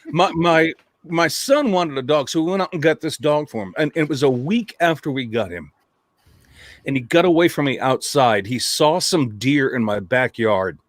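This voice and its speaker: Brief: male podcast host, lively swooping delivery, close and dry. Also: on the high side, dry recording. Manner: animated storyteller, cussing, joking. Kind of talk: casual chat. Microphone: remote call mic.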